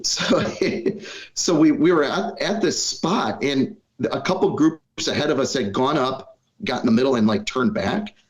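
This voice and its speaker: A middle-aged man from Wisconsin in the US Midwest, guesting on a podcast, earnestly and reflectively tells his own story in conversation, using plenty of "you know." His mid-range voice is unhurried, and the lo-fi audio sounds slightly dull.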